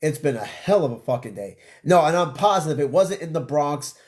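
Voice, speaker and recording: A man's voice: a little high, lively intonation, a little fast, darkish tone. A tired man with an old-school New York accent, hosting a podcast as a casual solo live stream, rambling and swearing as he answers comments. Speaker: podcast host.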